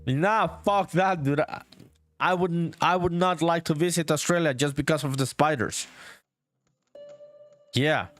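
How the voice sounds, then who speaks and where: Young male indie dev on a live stream; relaxed, profane chat with viewers, voice a touch high, quiet music bed. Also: a little slow, pauses often. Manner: profane, laid-back, reads chat aloud while working; calls viewers "dude". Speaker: solo indie game developer streaming live.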